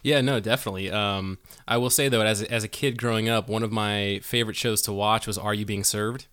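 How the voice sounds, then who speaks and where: A man's voice: lowish voice, fairly even intonation, fairly quick, a bit bright, smooth, dry recording, clean studio sound. A man hosting a podcast interview, chatty and jokey, with lots of fillers and restarts. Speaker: podcast host. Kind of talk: casual interview chat.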